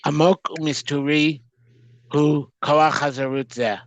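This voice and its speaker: A man teaching a text study class, reading aloud and translating line by line, often halting and restarting words as he goes. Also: on the high side, steady tone, no echo, poor audio. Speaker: Torah teacher.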